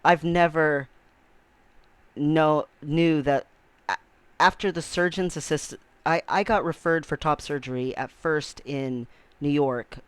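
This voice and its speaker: A man vlogging about his own life in a heartfelt, halting way, with lots of restarts and fillers. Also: a little high, steady tone, fairly bright tone, clear, resonant tone, no echo. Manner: earnest and heartfelt. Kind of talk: casual personal vlog storytelling.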